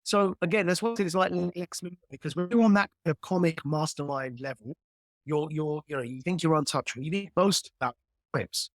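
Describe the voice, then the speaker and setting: A man's voice: on the high side, brisk, no echo, studio quality. A man speaking as a guest on a video call, building his points emphatically through analogies and repetition. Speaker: guest commentator. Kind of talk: animated explanatory conversation.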